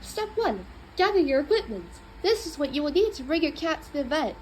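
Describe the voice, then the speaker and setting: A woman reading a children's book aloud in an expressive, playful way. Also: high-pitched, a little fast, slight background noise, rough recording. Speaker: storybook reader.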